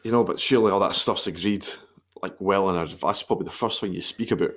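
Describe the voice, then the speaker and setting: A man's voice: low-pitched, fast talker. A man with a Scottish accent co-hosting a football podcast, laid-back and dry. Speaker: podcast co-host. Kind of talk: casual football chat.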